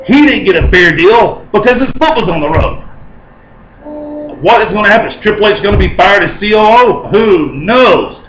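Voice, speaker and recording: A man giving an excited, rambling casual video review, often correcting himself as he talks. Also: high voice, normal speed, echoey room, a little hiss or hum, poor audio. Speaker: vlogger reviewing wrestling.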